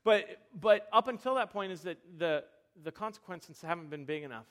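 High-voiced young pastor telling lively stories. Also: male voice, brisk. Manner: animated, self-deprecating storytelling with frequent restarts. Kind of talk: sermon with personal stories.

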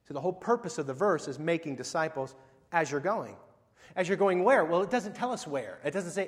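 A middle-aged male pastor preaching in a church sanctuary, speaking in a fairly high voice. He talks to the congregation in a chatty way, firing off rhetorical questions and swinging between loud bursts and quiet asides. Long reverb from the hall trails behind his words. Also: lively intonation, a little fast. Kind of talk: sermon.

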